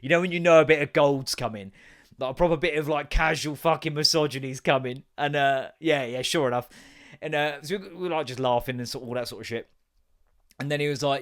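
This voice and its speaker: A man's voice: a little high, fast talker, a bit bright. Sweary man rambling through stories. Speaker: podcast host. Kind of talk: casual comedic monologue.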